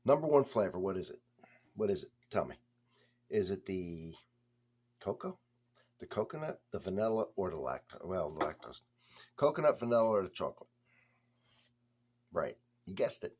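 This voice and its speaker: Low husky man reviewing beer. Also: big pitch swings, moderate pace, long pauses, a little mellow. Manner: chatty, talks straight to the viewer, blunt verdicts. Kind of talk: casual beer review vlog.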